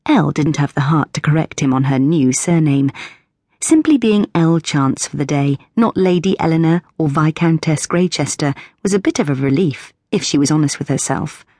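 A woman with a low, husky voice reads an audiobook in a steady, measured manner. She is recorded close on a studio microphone in a dry booth. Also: dry recording. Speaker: audiobook narrator. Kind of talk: scripted audiobook narration.

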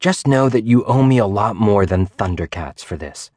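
A man's voice: lowish voice, expressive, moderate pace, a little mellow, no room sound. A man reading a wry, joking teenage boy in a thriller audiobook, in a dry murmur.

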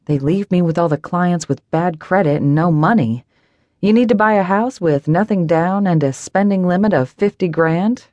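A woman's voice: lowish voice, normal speed, warm tone, no echo, highs cut off, close to an everyday voice. A woman voicing a dry, sardonic office coworker. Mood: dry, teasing. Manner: dry, wry delivery.

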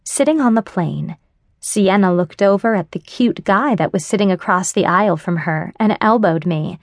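A woman's voice: medium pitch, normal speed, no echo, clean studio sound. A woman narrating a romance audiobook in the first person, wry and confiding. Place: dry studio booth. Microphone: close studio mic.

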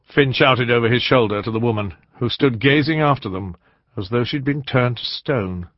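A man reading a historical novel aloud as an audiobook narrator, measured and dramatic. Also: medium pitch, no room sound, highs cut off. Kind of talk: scripted narration.

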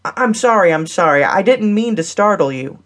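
Woman reading as a gentle, apologetic tall man. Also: on the low side, lively intonation, moderate pace.

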